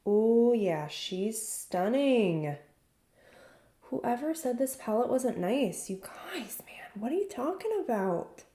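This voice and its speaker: A woman's voice: fairly high pitch, sing-song, slow pace, dark tone. A woman chatting enthusiastically through a casual makeup tutorial as a beauty vlogger, talking while she works. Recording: echoey room.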